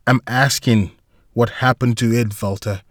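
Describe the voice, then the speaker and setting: A man's voice: mid-range voice, fairly even intonation, a little slow, no room sound, clean studio sound, natural voice. A man voicing a wounded, suspicious woman boss who asks blunt, clipped questions.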